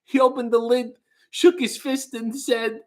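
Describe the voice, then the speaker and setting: A man's voice: very high voice, flat delivery, a little slow, a little mellow, pitched above the performer's own voice. A man putting on a spooky, crooning mad scientist voice, half singing novelty horror lyrics.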